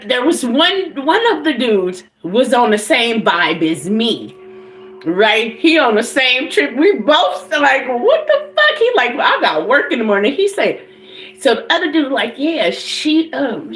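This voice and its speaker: A woman livestreaming as a tarot reader tells a story at a slow, drawn-out pace, with her high voice swooping all over the place. She curses freely, keeps calling out to her listeners, and breaks into loud laughter. The sound is roomy and echoey. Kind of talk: casual storytelling to a live audience.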